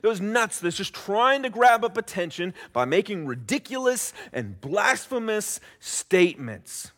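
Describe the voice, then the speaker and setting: A man's voice: sits high, very animated, measured pace, a bit bright, voice pushed up, full character voice. A man voicing indignant, proud male religious scholars who scoff in raised, incredulous tones.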